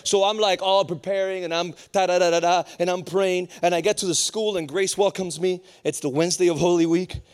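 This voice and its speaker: A young adult man preaching a storytelling sermon, animated and acting out the voices of people in his story. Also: high voice, brisk, few pauses, smooth. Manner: animated, acts out voices of others.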